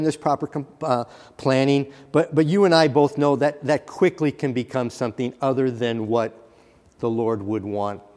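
A man preaching a sermon, earnest and building to fervent emphasis, with halting restarts. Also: mid-range voice, a little mellow. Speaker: pastor. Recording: long hall reverb.

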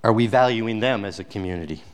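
A male pastor preaching a sermon, swinging between loud emphatic peaks and quiet, intense passages, with rhetorical questions to the congregation. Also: on the low side, fast talker, clean tone.

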